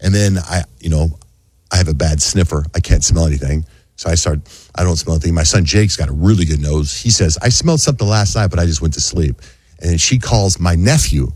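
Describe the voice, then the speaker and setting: Man, middle-aged, radio host, low husky voice, lively storytelling, dry sound. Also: fairly quick, dry recording. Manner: animated storyteller, acts out quotes in high voices. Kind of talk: casual storytelling on morning radio.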